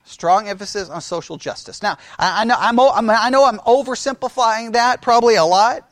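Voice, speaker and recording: A man's voice: high voice, fairly bright tone, no room sound. A man lecturing a Bible class in a conversational way, quizzing his listeners and repeating key phrases.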